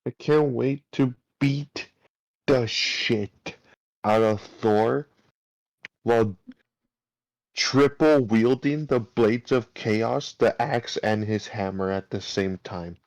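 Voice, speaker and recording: A young man chatting casually with a friend on a stream, drawn-out and enthusiastic. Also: medium pitch, dry recording, rough recording. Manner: drawn-out, enthusiastic about games and films. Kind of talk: casual chat.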